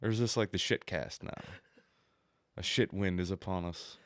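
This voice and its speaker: A man's voice: low voice, fairly even intonation, moderate pace, a bit bright, no echo, clean studio sound. A man co-hosting a podcast, rambling through crude, mocking jokes in casual banter. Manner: rambling, crude jokes, mock painting-show narration. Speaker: co-host.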